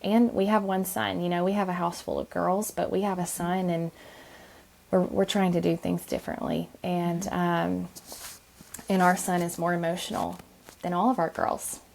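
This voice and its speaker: A woman in her thirties with a lower, gravelly voice talks through an interview softly. She hesitates often, filling gaps with ums and starting sentences over. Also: flat delivery, moderate pace. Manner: soft-spoken, many ums and restarts. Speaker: podcast guest. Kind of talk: conversational interview.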